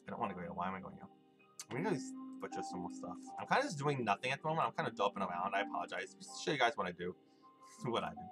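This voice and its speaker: Rambling young male game streamer. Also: low-pitched. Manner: rambling, loose, chuckling, talks to chat. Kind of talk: casual live gameplay commentary.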